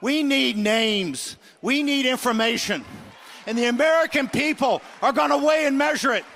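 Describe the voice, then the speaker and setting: A middle-aged man hosting a political talk show, ranting combatively and shouting in bursts. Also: very high voice, normal speed. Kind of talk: fiery political rant.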